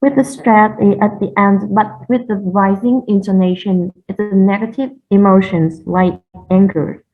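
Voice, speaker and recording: A woman giving a class presentation on English intonation, careful and halting, often repeating words. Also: mid-range voice, fairly even intonation, soft background music. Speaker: student presenter. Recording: tinny phone-like audio.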